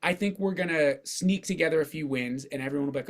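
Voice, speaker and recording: A man with a hoarse voice, co-hosting a podcast and giving his opinions on baseball in casual chat, rambling and restarting his sentences. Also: fairly high pitch, fast talker, few pauses. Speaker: podcast co-host.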